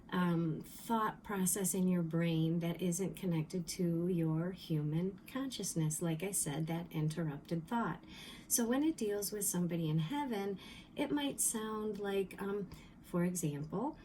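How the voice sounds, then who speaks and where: A middle-aged woman giving a calm spiritual teaching talk, explaining slowly with repeats and the odd um. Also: medium pitch, slight background noise, rough recording. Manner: calm, repetitive explaining with ums.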